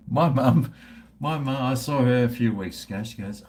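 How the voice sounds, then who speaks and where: A man's voice: medium pitch, a little slow, a little mellow, a little hiss or hum. A man, chatting casually and profanely with his livestream viewers in a rambling way. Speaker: livestream host.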